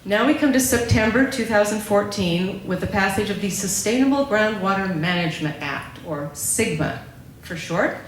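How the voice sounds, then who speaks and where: A woman reads a prepared explanation to a public meeting and pauses often to check that her listeners follow. The room is very echoey, and a faint hiss runs underneath her voice. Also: medium pitch, expressive. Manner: explanatory, keeps checking in with "okay?". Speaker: local speaker presenting on a ballot measure. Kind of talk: prepared public talk read from notes.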